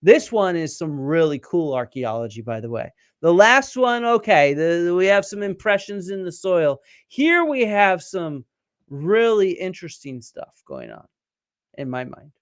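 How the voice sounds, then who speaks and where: A middle-aged man hosts a live-stream science chat, explaining things step by step and quizzing his viewers. His voice sits high and sounds smooth and resonant, with plenty of fillers and restarts. It is recorded dry and close to the mic. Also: very animated, measured pace, no room sound. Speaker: archaeologist and show host.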